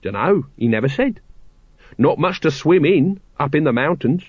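A man doing a scruffy, shifty lowly watchman. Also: lively intonation, moderate pace, breathy edge, no room sound. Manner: mumbled, reasoning, common speech. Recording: dull, lo-fi audiobook recording.

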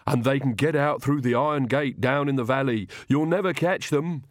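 A man voicing a big, gruff castle servant who talks slowly in a thick, sorrowful voice. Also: mid-range voice, no room sound, studio quality, pitched above the performer's own voice, natural voice. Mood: mournful.

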